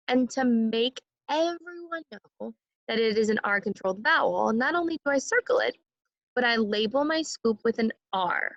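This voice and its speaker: A woman teaching a second grade phonics lesson, sounding out words slowly and clearly and having the class repeat after her. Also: a little high, no echo, low-quality recording.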